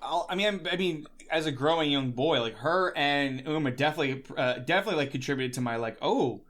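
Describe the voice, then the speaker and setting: A man from the United States chatting as a podcast guest, rambling and animated as he tells stories. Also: fairly high pitch, quick pace. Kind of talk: casual chat.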